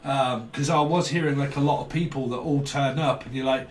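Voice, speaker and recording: A man's voice: medium pitch, steady tone, a little fast. A man giving a casual tarot reading, rambling in a stream of consciousness and chuckling often. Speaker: tarot reader. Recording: roomy, distant mic, faint background noise.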